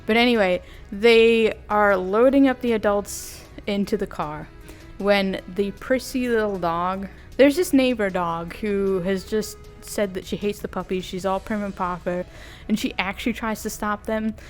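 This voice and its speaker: A woman giving a casual, animated recap of a cartoon while she draws, slangy and amused. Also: mid-range voice, unhurried, soft background music. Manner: animated, amused, often laughing; slangy, conversational. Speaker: video creator.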